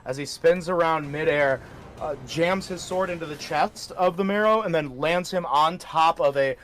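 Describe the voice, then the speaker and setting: A man's voice: a little high, moderate pace, fairly bright tone, slight background noise. A man running a tabletop game as game master, narrating combat vividly with casual swearing.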